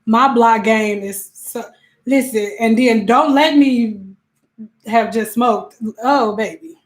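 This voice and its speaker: A woman hosting a livestream, chatting casually with viewers and answering their comments. She laughs often and acts out quick voices when she quotes people. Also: on the high side. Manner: laughs often while talking. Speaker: livestream host talking to viewers.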